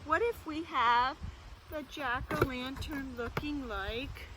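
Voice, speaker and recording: A woman leading a children's lesson in a goat yard, animated and sing-song as she talks to the kids and her goats. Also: sits high, slow. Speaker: children's librarian. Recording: noisy outdoor goat yard.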